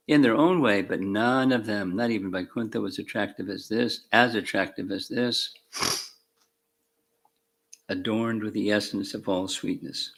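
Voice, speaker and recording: A man reading scripture verses aloud and adding commentary as a spiritual teacher, slow and measured with fervent emphasis on key words. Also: on the low side, fairly bright tone. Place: temple class room.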